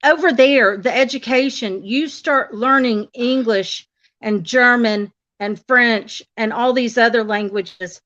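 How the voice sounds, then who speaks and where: A woman's voice: fairly high pitch, slow, a bit bright. A middle-aged woman in casual conversation, rambling and restarting her sentences often. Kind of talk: casual chat. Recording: dull lo-fi audio.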